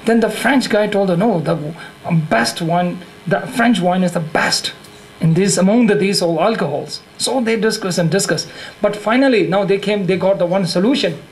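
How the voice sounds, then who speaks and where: High-voiced monk teaching with Tibetan accent. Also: male voice, a little hiss or hum, low-quality recording. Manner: halting, repeats and corrects himself, laughs often. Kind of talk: dharma teaching with humor. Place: teaching hall.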